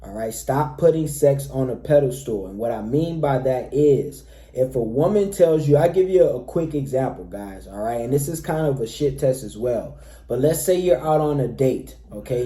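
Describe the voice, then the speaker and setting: A man's voice: medium pitch, normal speed, dark tone, reverberant. A man giving dating advice to men, emphatic, addressing his listeners again and again as fellas. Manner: emphatic, repeatedly says "all right, fellas". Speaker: dating coach. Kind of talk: direct-to-camera advice talk.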